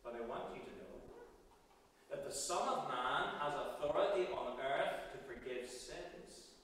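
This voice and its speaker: A man's voice: a little high, expressive, unhurried, a bit bright, a little hiss or hum. A man preaching a sermon and reading scripture aloud in a church. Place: church hall. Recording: echoey hall, speaker far from mic.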